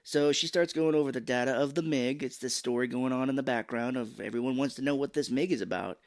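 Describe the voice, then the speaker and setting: A man's voice: medium pitch, quick pace, no room sound, clean studio sound. A man co-hosting a movie podcast in casual chat, wry and swearing freely. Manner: wry, swears freely, acts out film lines. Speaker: podcast co-host.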